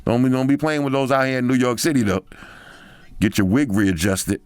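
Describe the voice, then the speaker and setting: A man's voice: medium pitch, fairly quick, clean tone, no room sound, clean studio sound. A man hosting a tech video, chatting casually while he scrolls a phone, slangy and loose, thinking aloud as he goes. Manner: slangy and chatty, drops in "yo" and "bro".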